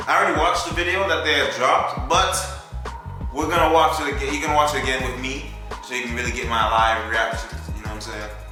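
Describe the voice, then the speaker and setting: A man's voice: medium pitch, steady tone, fairly quick. A young man hosting his own reaction vlog, rambling and joking with plenty of swearing. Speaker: YouTube reaction host. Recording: very echoey room with music behind.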